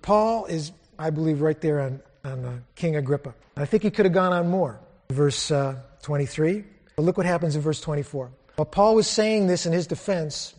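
A man's voice: fairly high pitch, moderate pace, a little mellow. A man preaching a sermon as a guest speaker, telling stories with quoted dialogue and rising to fervent declaiming. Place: church auditorium. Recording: long hall reverb.

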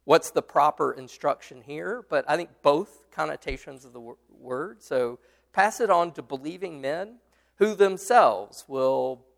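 Male Bible study teacher, gravelly voice, halting and patient, fairly high register. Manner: halting, many fillers and restarts; explains patiently, responds to students. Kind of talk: leading a Bible study discussion.

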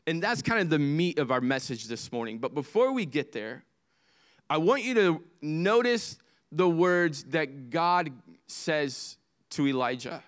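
A man preaching a sermon as pastor, swinging from impassioned highs to hushed lows. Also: lively intonation, measured pace.

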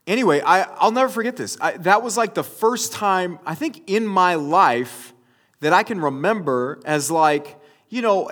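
A man's voice: a little high, a bit bright. A man giving a sermon, telling a personal story to his audience in a rambling way with many restarts and fillers. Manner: addresses the audience directly.

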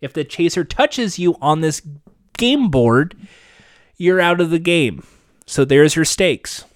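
A man's voice: fairly high pitch, expressive, slow pace, dry recording. A man hosting a podcast in casual chat, candid and sarcastic, swearing freely. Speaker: podcast host.

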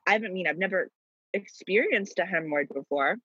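A young woman with a husky, slightly low voice tells a personal story with lively, dramatic flair and frequent laughter. The recording sounds dull and dry. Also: fairly quick, no room sound. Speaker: guest telling a story.

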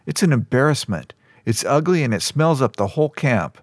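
A man reading aloud plays a spiteful teenage bully in an audiobook, sneering and full of threats. The voice sits in a middle pitch and is recorded close and dry. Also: expressive, normal speed, no echo, natural voice.

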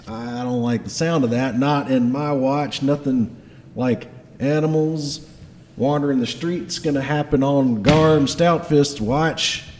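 A man voicing a gruff, bossy middle-aged male dwarf with a put-on Scottish accent, talking loudly and swearing. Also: medium pitch, in a large hall, slight background noise, pitched above the performer's own voice. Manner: loud, blustering, swearing.

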